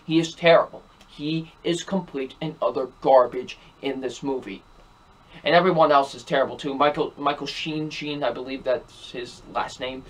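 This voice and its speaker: A man's voice: medium pitch, steady tone, normal speed. Exasperated young man ranting a review. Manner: repetitive, exasperated, emphatic. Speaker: movie reviewer.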